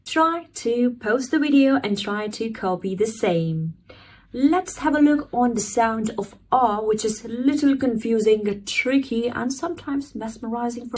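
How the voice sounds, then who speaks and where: A woman's voice: on the high side, darkish tone. A woman teaching English pronunciation, speaking encouragingly and repeating each word for her learners. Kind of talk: slow-paced pronunciation lesson.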